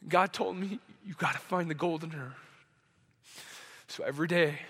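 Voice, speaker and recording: A man's voice: a little high, a little fast, long pauses, sharp tone, slightly rough. A young man preaching a sermon, telling a story with emotion and acting out quoted dialogue. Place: church service hall. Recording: hall reverb.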